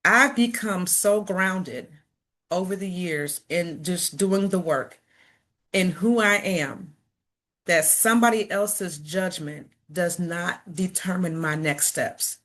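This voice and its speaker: A woman with a slightly low voice gives a motivational talk. She stutters, repeating sounds and words, and speaks in an earnest, reflective way that turns slow and deliberate at times. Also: fairly bright tone. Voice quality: stutters, with sound and word repetitions. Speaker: school principal and speaker.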